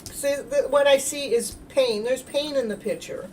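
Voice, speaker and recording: Expressive woman spiritual coach, a bit distant. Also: high-pitched, slight background noise. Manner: animated storytelling, acts out her own past thoughts with loud exclamations; halting, repeats and restarts words. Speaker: self-love coach and spiritual healer. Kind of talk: livestream talk to chat viewers.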